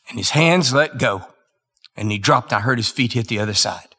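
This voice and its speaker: A male preacher tells a story from the pulpit, dramatic and emphatic. He speaks slowly and leaves weighty pauses between his phrases. His voice echoes with a long reverb through a large hall. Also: medium pitch, pushed and bright, slightly rough. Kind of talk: sermon storytelling.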